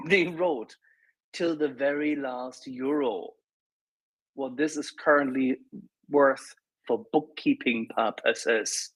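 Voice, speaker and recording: A husky-voiced man talks in a casual online audio room. His tone is sarcastic and animated as he mocks red tape. The sound is dry and close. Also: medium pitch, slow, no echo, poor audio. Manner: sarcastic, animated, laughs at bureaucracy.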